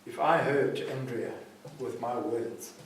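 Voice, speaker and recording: Taking it slowly in a mid-range voice, a South African man teaches at a recovery centre with emphatic, sermon-like delivery. He keeps asking "see what I'm saying?" to confirm his listeners follow. The sound is very echoey, the mic distant, with slight background noise.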